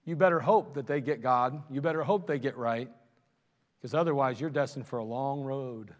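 A man preaching a sermon as pastor, talking in an animated, conversational way with self-mocking asides. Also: mid-range voice, normal speed, dull audio. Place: church sanctuary. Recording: long reverb of a church hall.

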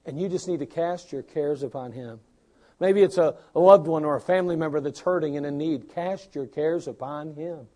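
A man's voice: fairly high pitch, normal speed, warm tone. An older man preaching a sermon as pastor, repeating lines and building to bursts of emphasis.

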